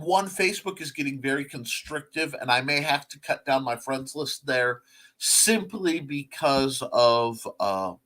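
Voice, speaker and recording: A man's voice: fairly high pitch, pushed and bright. A man hosting a casual livestream chat show, rambling with lots of fillers and restarts as he talks to his viewers. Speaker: talk show host.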